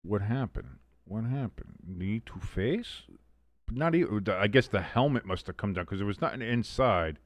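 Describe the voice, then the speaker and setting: A man's voice: on the low side, lively intonation, moderate pace, no echo. A man hosting a live football watch-along. He calls plays, reads chat and drops exasperated, swearing asides in casual commentary. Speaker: host of a live sports watch-along stream.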